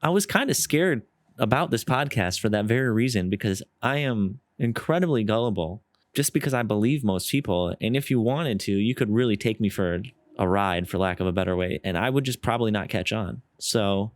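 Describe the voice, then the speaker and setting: A man's voice: on the low side, animated, a little fast, dry recording, studio quality. A man hosting a podcast interview, speaking in an earnest, self-deprecating and rambling way. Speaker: podcast host. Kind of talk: casual interview chat.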